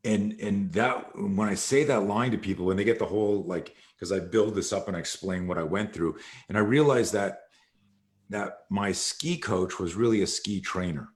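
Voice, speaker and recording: A man's voice: fairly low pitch, moderate pace. A man, a martial arts instructor, telling a long story in an interview and acting out quoted dialogue. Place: live video call.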